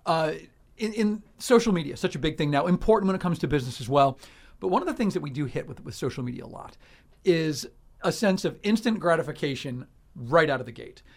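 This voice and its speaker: A man's voice: fairly high pitch, expressive, brisk. A man hosting an interview, affirming his guests and adding thoughtful comments in casual chat. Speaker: host.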